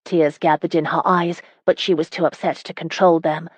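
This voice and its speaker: Woman narrator, audiobook, measured reading, low voice, dry close mic. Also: little pitch movement, husky, no echo. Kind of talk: scripted narration.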